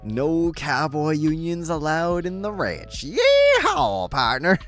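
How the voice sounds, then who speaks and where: A man's voice: fairly high pitch, huge pitch swings, takes it slowly, a bit bright, soft background music, voice pushed up, full character voice. A man putting on a put-on cowboy drawl as a bossy ranch-owner cowboy, folksy and drawling.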